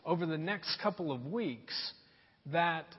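A man's voice: a little high, lively intonation, a little slow, breathy edge, in a large hall, lo-fi sound. A male pastor giving a conversational sermon, with jokes and stories woven in. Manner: conversational, joking storyteller.

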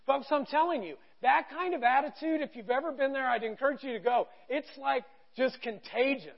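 A man in his thirties preaching a sermon, telling a story with animated quoted voices. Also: very high-pitched, brisk, gravelly. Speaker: pastor. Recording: dull lo-fi sound.

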